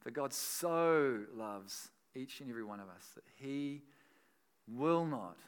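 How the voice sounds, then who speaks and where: Animated male pastor preaching. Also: mid-range voice, slow pace, clean tone. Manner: animated, swings from soft to loud, laughs between points. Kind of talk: sermon.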